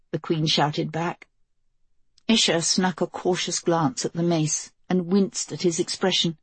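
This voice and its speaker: A woman reading a novel aloud as an audiobook narrator, in measured, even storytelling. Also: lowish voice, breathy edge, no room sound. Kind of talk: scripted narration.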